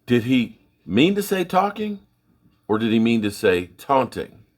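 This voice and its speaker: A middle-aged man hosting his own sports channel, giving folksy, opinionated commentary in a rambling, casual way with a husky voice. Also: mid-range voice, very animated, unhurried.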